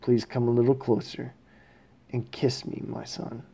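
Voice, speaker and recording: A man's voice: medium pitch, flat delivery, measured pace, creaky, dark tone, husky. A man reading the words of an aged blind father giving blessings, in a plain read-aloud voice with small slips. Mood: solemn.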